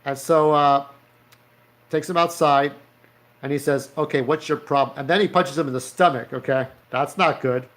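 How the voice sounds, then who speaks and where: A man's voice: fairly high pitch, steady tone, moderate pace, a bit bright. Rambling, profane man in his thirties. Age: 30s. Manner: rambling, profane, acts out characters. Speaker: vlogger. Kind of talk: casual storytelling vlog.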